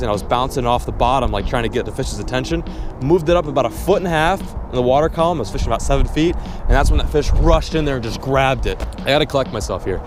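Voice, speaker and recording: A young man narrating his ice fishing trip in a casual vlog, chatty and easily excited, outdoors on a frozen lake. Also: medium pitch. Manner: excitable, shouting and laughing during the catch. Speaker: fishing vlogger.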